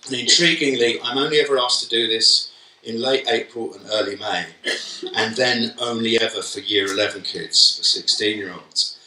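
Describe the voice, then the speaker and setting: A man's voice: lowish voice, moderate pace, bright, forceful tone, distant mic. A man with a Cockney accent giving a humorous keynote talk, telling stories and acting out what people say. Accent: London Cockney. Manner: humorous storyteller, acts out quotes. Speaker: keynote speaker. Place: conference hall. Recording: echoey hall, voice from afar.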